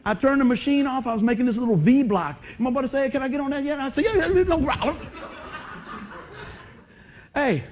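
A man preaching a humorous storytelling sermon in a church, animated and laughing often, breaking into excited whoops. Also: extremely high pitch, rapid-fire, few pauses. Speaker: pastor. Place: church sanctuary before a congregation.

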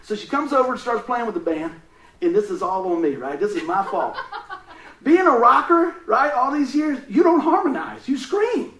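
A man's voice: very high-pitched, lively intonation, moderate pace, fairly bright tone, reverberant, far from the mic, rough recording. A man preaching a casual, folksy sermon, telling stories and laughing often.

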